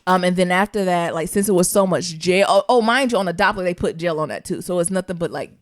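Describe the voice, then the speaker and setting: A woman co-hosting a podcast, telling a funny story in casual, animated chat. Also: on the low side, fast, no room sound, clean studio sound. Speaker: podcast co-host.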